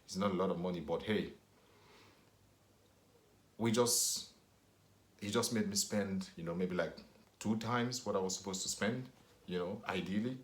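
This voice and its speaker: Man, Nigerian accent, very deep voice, rambling storyteller, echoey room. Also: unhurried, pauses often. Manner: rambling, animated retelling full of "you know". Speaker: vlogger. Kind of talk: casual storytelling to camera.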